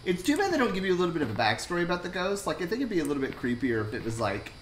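A woman's voice: fairly low pitch, sing-song, racing. A woman streamer chatting and joking with viewers while playing a co-op game. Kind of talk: casual gameplay chat. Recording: roomy echo with clear background noise.

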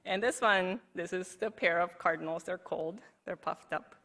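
A woman giving a conference talk with a bright, crisp tone. She speaks in a loose, chatty way, packing her sentences with "like" and breaking into easy laughter. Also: lowish voice, normal speed. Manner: chatty, heavy use of "like", laughs easily. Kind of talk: recorded presentation talk.

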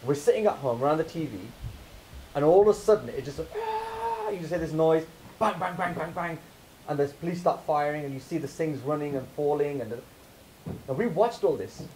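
A man from the UK giving an informal lecture to a camp audience, animated and questioning, mixing Punjabi phrases into English. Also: on the high side, fairly quick, slight background noise, poor audio. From United Kingdom.

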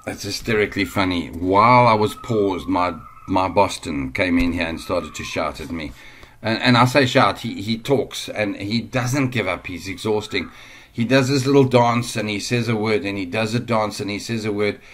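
A man with a low-pitched voice talks through a casual screen-share tutorial at home. He rambles and goes off on tangents. He sounds easily amused as he teaches. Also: normal speed, a bit bright, a little hiss or hum. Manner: chatty, digressive, easily amused. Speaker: online business trainer.

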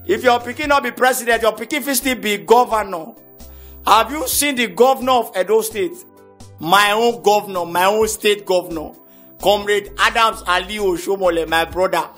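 A Nigerian man doing a stand-up comedy routine in Nigerian Pidgin English, animated and shouting out his punchlines. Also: high voice, normal speed. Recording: comedy CD with music behind.

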